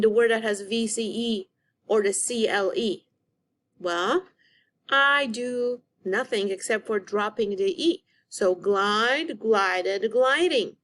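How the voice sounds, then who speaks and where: A woman teacher giving a recorded phonics lesson to children, sounding out words slowly and clearly. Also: a little high, a bit bright.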